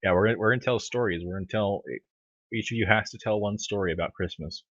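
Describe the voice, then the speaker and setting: Low voiced guy rambling on a podcast, restarts a lot, lo-fi dull mic. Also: quick pace, dry recording. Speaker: podcast co-host. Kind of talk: casual podcast banter.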